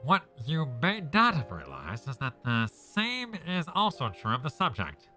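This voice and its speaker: A man voicing a calm, scholarly, witch-like mage in a measured, formal way. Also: medium pitch, faint music behind, full character voice.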